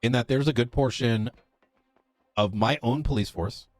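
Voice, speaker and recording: A man in character as a police officer in a roleplay game, lecturing in earnest and stopping often to pick his words. His voice sits at an everyday middle pitch, and the sound is close and dry with no room in it. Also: no echo, faint music behind. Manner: earnest, lecturing, halting with fillers.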